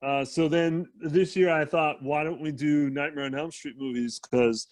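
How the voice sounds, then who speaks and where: A man co-hosting a casual gaming podcast, telling stories in a halting way full of fillers. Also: on the high side, fairly even intonation, no room sound. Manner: halting, filler-heavy storytelling. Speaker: podcast co-host.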